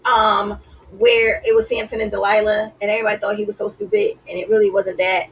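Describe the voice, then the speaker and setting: Gravelly-voiced woman giving earnest advice. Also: medium pitch, flat delivery, a little fast, fairly bright tone, distant mic, a little hiss or hum, rough recording. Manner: earnest, preachy, retelling stories with lots of "like". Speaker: relationship advice vlogger. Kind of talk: casual advice talk.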